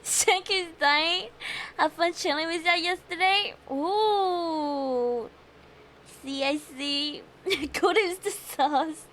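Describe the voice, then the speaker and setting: A young woman streaming a game with excitable commentary, yelling and laughing as she plays. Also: extremely high pitch, very slow, slight background noise. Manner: excitable, yells and laughs while playing. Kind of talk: gameplay commentary.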